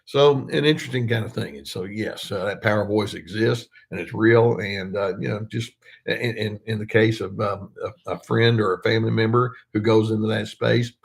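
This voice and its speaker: A man's voice: fairly low pitch, normal speed, vocal fry, husky. An older male therapist talking casually through viewer questions, with frequent fillers and restarts and little acted-out quotes. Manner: relaxed, many fillers and restarts, acts out quoted lines. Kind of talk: casual livestream Q&A talk.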